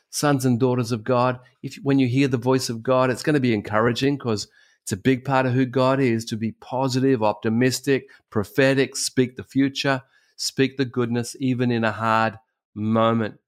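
A man's voice: medium pitch, steady tone, normal speed. Australian male pastor, sermon, mid-range voice, fervent and repetitive exhortation.

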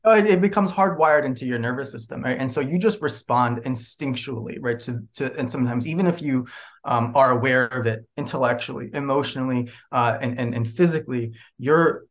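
A man's voice: medium pitch, a little fast. A man who is a licensed clinical social worker, guesting on a podcast and explaining his ideas in a reflective, easygoing way. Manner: reflective, explaining, laughs easily. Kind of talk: casual podcast interview.

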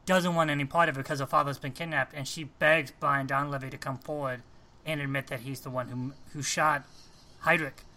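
Guy talking movies, bright and kinda high, lots of restarts. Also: fairly quick. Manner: animated, restarts often, acts out quoted lines. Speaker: podcast co-host. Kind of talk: casual film discussion.

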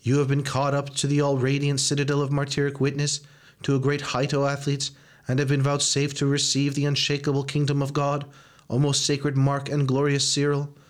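A man chanting liturgical prayers in a solemn, steady recitation. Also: medium pitch, fairly quick. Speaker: reader of prayers.

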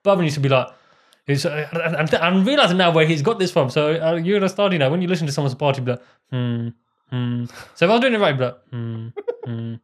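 Young man, animated storyteller on a talk show, laughs often. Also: a little high, quick pace. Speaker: podcast co-host. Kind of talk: casual storytelling chat.

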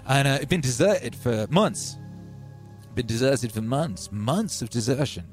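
A man's voice: mid-range voice, lively intonation, a little slow, soft background music. A man hosting a livestream, telling rambling, wry stories in a casual chat from home. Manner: chatty, wry storytelling with hype openers. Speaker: livestream host.

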